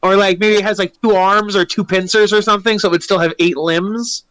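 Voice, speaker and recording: Male player, high bright voice, very lively, jokey banter. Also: brisk. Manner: animated, joking, laughs a lot. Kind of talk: casual banter at a tabletop game.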